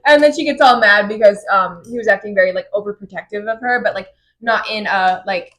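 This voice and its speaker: A woman's voice: mid-range voice, a little fast, fairly bright tone. A young woman co-hosting a casual book podcast, recapping chapters in a loose, chatty way full of "like" and acted-out quotes. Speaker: podcast co-host. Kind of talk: casual book discussion chat.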